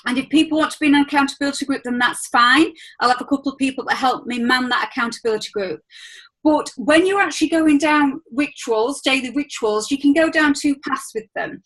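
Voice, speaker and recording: Gushing high-voiced woman. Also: a little fast, a bit bright, poor audio. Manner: chatty and gushing, rambling with fillers. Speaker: host of a team training call. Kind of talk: casual chat on a video call. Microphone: video call.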